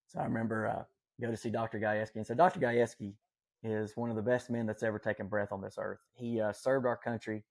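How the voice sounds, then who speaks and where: A man's voice: lowish voice, fairly even intonation, quick pace, vocal fry. A man telling a personal story as a podcast guest, earnest and rambling, with many fillers and self-corrections. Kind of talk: casual storytelling.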